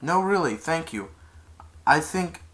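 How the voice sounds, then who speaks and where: Cocky joking young thief, as a man puts him on, high, bright, lively. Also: slow pace, low-quality recording. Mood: excited.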